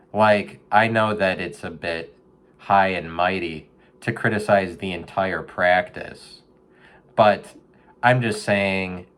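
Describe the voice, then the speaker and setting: A man hosting a podcast, rambling in a deadpan comic monologue and now and then breaking into a loud mock pep talk. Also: sits low. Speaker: podcast host. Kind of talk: casual comedic monologue.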